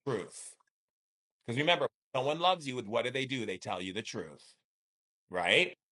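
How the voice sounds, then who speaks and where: A man's voice: medium pitch, very animated, normal speed, sharp tone. A man leading a live spiritual coaching session as a shamanic teacher, emphatic and repetitive, with pointed rhetorical questions.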